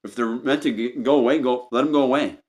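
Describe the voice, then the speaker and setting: A man's voice: medium pitch, fairly even intonation, fast, darkish tone, a little hiss or hum. A man giving an unscripted tarot reading, talking straight to the listener, repeating and restarting his phrases as he goes. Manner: repetitive, meandering, restarts phrases often; addresses the listener directly as "you". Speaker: tarot reader.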